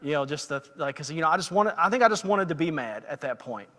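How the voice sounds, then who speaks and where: A middle-aged man shares stories from the pulpit in a loose, self-deprecating way, full of "you know" fillers. His voice sits a little high and sounds bright and forceful. It comes from a church livestream with a long, hanging reverb. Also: lively intonation, fast talker. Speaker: lay preacher. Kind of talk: casual sermon storytelling. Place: church sanctuary.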